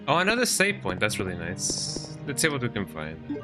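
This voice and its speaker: With game music in the background, a young man casually rambles through his video game stream, cooing baby talk at his cat between moves. His medium-pitched voice swoops wildly, and he keeps a moderate pace with hardly any pauses.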